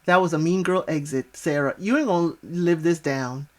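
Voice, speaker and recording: With a low, somewhat dark voice at a moderate pace, a woman recaps a reality show casually. She's chatty and sassy, talking back to the people on screen and tossing in lots of asides.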